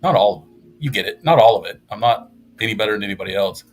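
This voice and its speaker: A man's voice: lowish voice, expressive, fast talker, slightly rough. A man chatting casually on a live stream in a rambling, sarcastic and self-mocking way.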